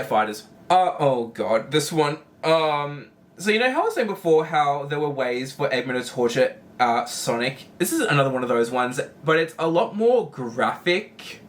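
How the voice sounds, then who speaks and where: A man giving casual commentary while ranking animated shorts, rambling with lots of fillers and casual swearing. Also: fairly high pitch. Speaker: video creator ranking animations.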